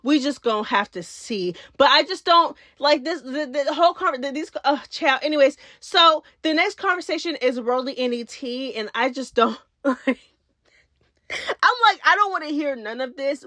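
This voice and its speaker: Sassy high-voiced woman recapping reality TV. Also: normal speed, dry recording, studio quality. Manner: sassy, animated, talks straight to viewers with slangy asides. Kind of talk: casual recap commentary.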